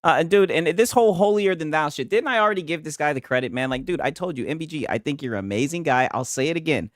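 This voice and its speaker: A man hosting a stream, giving animated, profane reaction commentary and trash talk. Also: a little high, quick pace, no echo, clean studio sound. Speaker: streamer host.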